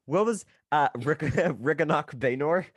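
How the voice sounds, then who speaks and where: A man's voice: on the high side, lively intonation, dry recording. A young man, a voice actor on an audio drama, joking and redoing lines with his castmates at a recording session. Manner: joking, self-interrupting, quick retakes. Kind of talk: casual behind-the-scenes banter.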